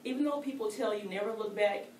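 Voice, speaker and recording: A woman telling a personal story to a speaking club, animated and playful. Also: medium pitch, fast, a little hiss or hum. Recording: echoey room, distant mic, faint ambience.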